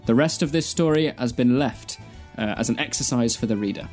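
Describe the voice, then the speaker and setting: Male podcast co-host, mid-pitched, dry deadpan reader, faint music bed. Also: brisk. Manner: deadpan reading, breaking into laughter. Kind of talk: reading a fan fiction aloud.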